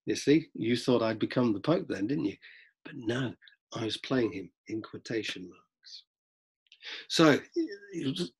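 A middle-aged man, a drama teacher, lecturing students in a lively way and acting out examples as he goes. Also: medium pitch, measured pace, husky. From London, England. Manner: lively, acts out examples, frequent restarts. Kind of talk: lecture-style talk to students.

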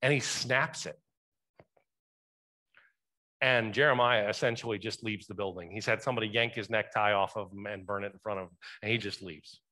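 In a church sanctuary, a male pastor preaches a sermon conversationally, putting questions to the congregation. His voice is fairly low, bright and forceful, at a moderate pace.

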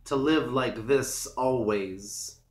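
A man reading a storybook and voicing a timid, gentle male country mouse who speaks softly. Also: medium pitch, drawn-out words. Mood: contented. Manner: soft, wistful. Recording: roomy echo.

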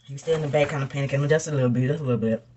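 A woman's voice: rumbling low, rapid-fire, a little hiss or hum. A young woman, chatting animatedly to viewers while doing her makeup. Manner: animated, chatty, addresses viewers as y'all and girl. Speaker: beauty vlogger. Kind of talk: casual storytelling makeup tutorial.

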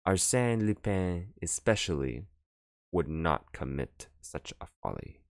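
A man reading an audiobook, voicing a calm, unbothered police detective who brushes off worries. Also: sits low, slow pace, no room sound, heavily acted. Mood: dismissive. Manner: calm, dismissive, dry. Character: unflappable middle-aged male police detective.

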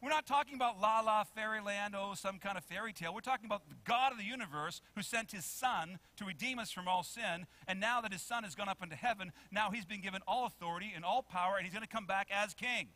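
A man preaching a sermon in a church with a bright, ringing tone and a high-set voice. He is animated, acts out little quotes and keeps asking the congregation questions. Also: fast talker, few pauses. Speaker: pastor. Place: church sanctuary.

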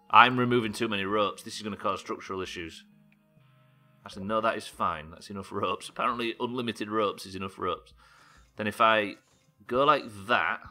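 A man's voice: fairly low pitch, bright, forceful tone. A British man streaming a game live, chatting with his viewers and muttering to himself while he builds. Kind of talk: live gameplay streaming, reading chat.

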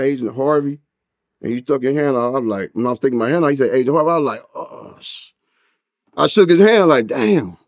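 Animated man telling a street story. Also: dry recording, clean studio sound. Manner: animated retelling with loud, high quoted exclamations; profane slang-heavy street talk. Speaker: interview guest. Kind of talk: casual storytelling.

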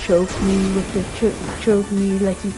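A woman giving rambling, joking commentary while playing a video game, yelling at the game now and then. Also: medium pitch, little pitch movement, measured pace. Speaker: gamer. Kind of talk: casual gaming commentary. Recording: game music playing behind. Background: game music.

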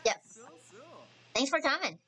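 A woman hosting a casual let's-play commentary, chatty and excitable, often apologizing and thinking aloud as she plays. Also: high-pitched, measured pace, low-quality recording. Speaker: gaming channel host.

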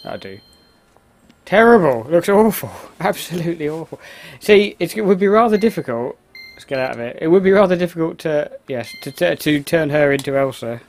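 Rambling let's-play guy, slightly high. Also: expressive, fairly quick, darkish tone. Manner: rambling, exclaiming at the game, muttering asides. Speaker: gameplay commentator. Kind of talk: casual let's-play commentary.

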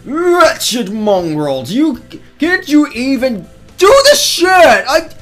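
A woman's voice: sits high, very animated, slow, soft background music, pitched above the performer's own voice, exaggerated voice. A woman voicing a haughty rich snob who scorns commoners, with a pompous, scornful manner. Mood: disdainful.

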